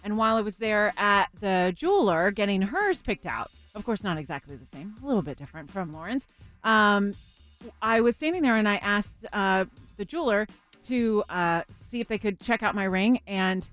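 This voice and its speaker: A woman in her thirties co-hosting a radio show, chatty and quick to laugh as she tells a family story. Her voice sits at a middle pitch, with faint music under it. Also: expressive, a bit bright. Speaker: radio co-host. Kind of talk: casual radio chat and timed storytelling.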